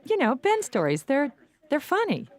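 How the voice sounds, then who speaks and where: A woman's voice: sits high, wildly swooping pitch, moderate pace, a little mellow. A woman voicing a friendly, chatty bartender in a cartoon.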